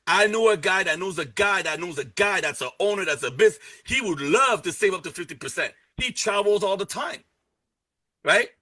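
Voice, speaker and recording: A man giving an energetic live sales pitch, repeating key words and joking with his chat audience. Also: moderate pace. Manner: energetic, repetitive, salesy, playful asides. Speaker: presenter pitching a travel membership.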